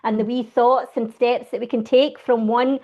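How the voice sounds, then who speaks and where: A Scottish woman speaks quickly and with plenty of enthusiasm, guesting in a relaxed interview. Her voice sits a little high, and her talk tumbles along in a lively rush. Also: lo-fi sound. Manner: fast, enthusiastic talker. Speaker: guest, wellbeing coach. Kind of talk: conversational interview.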